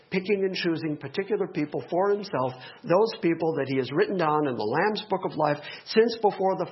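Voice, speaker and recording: A middle-aged man preaches with a high voice that swoops up and down. He delivers his sermon with energy and drops joking asides to the congregation. The recording sounds dull and lo-fi. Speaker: pastor.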